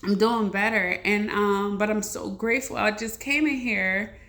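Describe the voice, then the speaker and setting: A woman's voice: medium pitch, steady tone, moderate pace, a bit bright. A woman, sharing a heartfelt personal testimony in a rambling, casual vlog chat to her viewers. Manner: emotional, rambling, talks straight to viewers.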